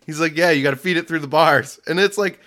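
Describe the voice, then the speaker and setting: A man's voice: fairly high pitch, quick pace. A man casually telling a story about a delivery, laughing often and acting out the people he quotes. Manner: animated, laughs often, acts out voices in quotes.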